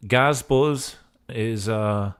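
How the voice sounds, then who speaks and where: A man's voice: mid-range voice, extremely slow, smooth. A man giving casual gameplay commentary as a streamer, in a goofy mood with joking asides. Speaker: gaming streamer.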